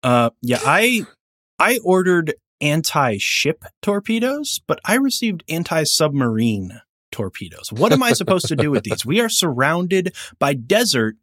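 A frazzled male weapons buyer complains over the phone, as a podcaster puts him on. His voice jumps high and sounds exasperated. The sound is dry and close. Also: sing-song, a little slow, a bit bright, dry recording, exaggerated voice.

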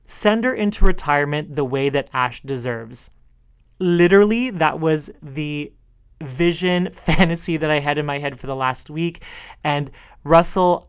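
A man's voice: a little high, clear, resonant tone, no room sound. A man hosting a tennis podcast on his own, chatting in a sassy, playful way. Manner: sassy, chatty, calls listeners girl. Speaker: podcast host. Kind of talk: casual solo tennis podcast chat.

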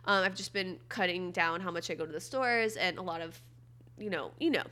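A woman's voice: lowish voice, fairly quick, sharp tone. A young woman with a nasal voice hosting a casual solo podcast, chatting with wry, upbeat asides. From Florida. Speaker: podcast host.

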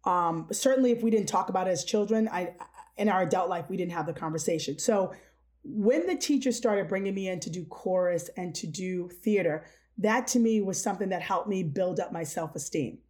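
A middle-aged woman hosts a podcast, and her voice sits on the low side: brisk and a little mellow. She candidly tells a childhood story in a casual chat, acting out the quotes as she goes.

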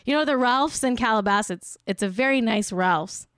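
Young female podcast host, casual and giggly, rambling delivery, bright-ish pitch, dry mic. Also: fairly quick, clear, resonant tone, no echo. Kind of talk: casual chat.

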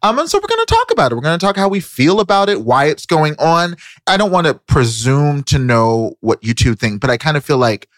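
A man co-hosting a podcast, chatting casually, playful and quick to laugh. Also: on the high side, wildly swooping pitch, no echo. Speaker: podcast co-host. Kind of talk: casual chat.

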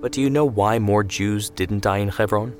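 Man as a mild older brother, calm, slow, low voice. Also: faint music behind, close to an everyday voice.

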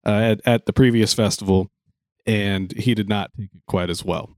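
Animated man telling a work story. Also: on the low side, normal speed, no room sound, clean studio sound. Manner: animated, acts out quoted dialogue. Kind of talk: casual storytelling.

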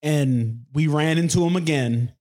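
A man's voice: on the high side, a little slow, darkish tone. Slangy man telling a dating story. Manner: loose, slangy, restarts often. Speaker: podcast guest. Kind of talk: casual storytelling.

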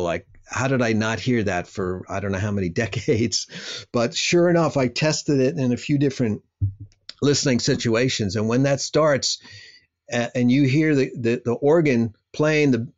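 An older man, a guitarist guest on a podcast, talking casually and reflectively, laughing at himself now and then. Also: medium pitch. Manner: reflective, self-deprecating with laughs. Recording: slightly dull lo-fi sound.

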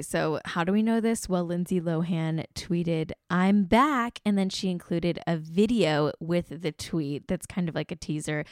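A woman's voice: fairly low pitch, a little mellow, no echo, studio quality. Chatty woman gushing about pop news. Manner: chatty, gushing, laughs often. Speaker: podcast host. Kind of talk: casual pop-culture commentary.

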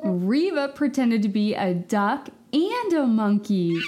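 A woman's voice: on the high side, sing-song, slow, slight background noise. Enthusiastic woman hosting a kids' podcast. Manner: bright, enthusiastic, exclamatory. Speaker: host and children's book author. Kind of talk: children's storytelling podcast hosting. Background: background music.

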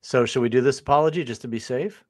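A man co-hosting a comedy talk show, teasing the guest in quick casual chat. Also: mid-range voice, a little mellow, no echo, studio quality.

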